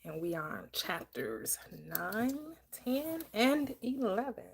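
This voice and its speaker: A woman hosting a live-streamed book club, upbeat and chatty, greeting viewers with quick repeated words. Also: medium pitch, very animated, vocal fry, a little hiss or hum. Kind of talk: live-stream chat and discussion.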